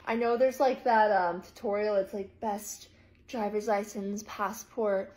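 A woman in her twenties telling a casual storytime vlog, chatty and self-deprecating, with quick asides. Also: medium pitch, steady tone, heavy background noise. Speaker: TikTok storyteller. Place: parked car in the rain. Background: faint rain ambience.

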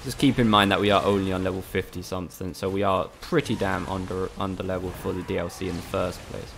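Gravelly low-voiced male game streamer. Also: flat delivery, fast, a bit bright, a little hiss or hum. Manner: frustrated, swears often, casual banter with viewers. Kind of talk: live gameplay commentary.

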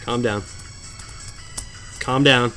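A man commentating a hard video game, sarcastic and mock-dramatic, swinging from low mutters to sudden outbursts. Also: fairly even intonation, very slow, sharp tone, soft background music. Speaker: gameplay commentator. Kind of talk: let's play commentary.

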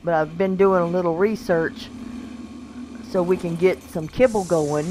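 A woman's voice: lowish voice, steady tone, a little slow, darkish tone, a little hiss or hum. A woman giving casual, chatty gameplay commentary, talking to the creatures on screen and laughing often. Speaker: gaming channel host.

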